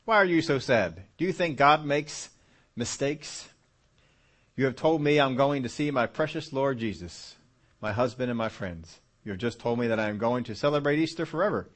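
A man's voice: mid-range voice, animated, moderate pace, lightly acted. A man voicing a cheerful, devout elderly woman patient who speaks boldly and with affection, as a story read aloud in a sermon. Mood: chiding. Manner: bold, chiding, affectionate.

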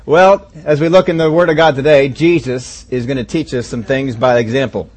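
A man's voice: mid-range voice, fairly even intonation, moderate pace, darkish tone. A man preaching a sermon as pastor, telling stories in a conversational way. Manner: storytelling, conversational.

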